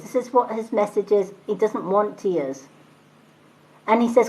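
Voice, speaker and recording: A woman's voice: fairly high pitch, unhurried, long pauses, dark tone, poor audio. A woman giving a live spiritual reading, chatty and reassuring, often repeating phrases and asking "right?". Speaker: psychic reader.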